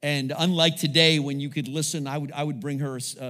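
A man delivers a sermon in a church sanctuary, his fairly high voice brisk and sharp but level in tone, echoing through a large hall. He keeps calling out to the congregation and asking them to respond.

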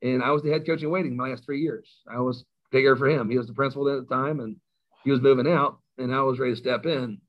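A middle-aged man spins a rowdy yarn about his coaching days, and he often pokes fun at himself. His voice sits at an ordinary pitch. The recording sounds a little dull and lo-fi. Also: fast. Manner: animated, self-mocking storyteller. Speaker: high school football coach. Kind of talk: storytelling in an interview.

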